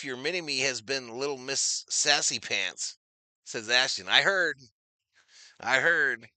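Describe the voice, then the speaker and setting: Bright-voiced chatty man hosting a stream. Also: mid-range voice, dry recording. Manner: chatty, reads viewer comments, repeats phrases, addresses chat as y'all. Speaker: watch party stream host. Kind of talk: casual live-stream chat with play-by-play.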